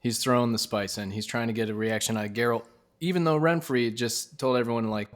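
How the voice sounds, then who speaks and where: A man's voice: mid-range voice, fairly even intonation, fairly quick. Laughing, jokey man on a podcast. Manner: jokey, laughs often, mock-tough quotes. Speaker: podcast co-host. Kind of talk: casual book discussion.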